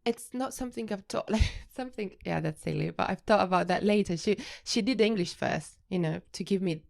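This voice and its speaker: A woman with an Italian accent, a researcher being interviewed on a podcast, who hesitates and restarts often but gets animated when she explains. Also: medium pitch, a little fast, creaky. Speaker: guest researcher.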